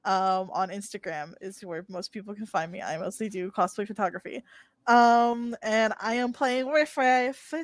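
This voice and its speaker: A woman introducing herself as a tabletop game player, giggly and unhurried. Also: mid-range voice, fairly even intonation, dry recording. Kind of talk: casual chat.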